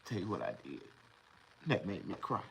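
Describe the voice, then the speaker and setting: A middle-aged man, talking casually on a livestream and swinging between loud mock crying and low muttering. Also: very animated, normal speed, vocal fry, background noise.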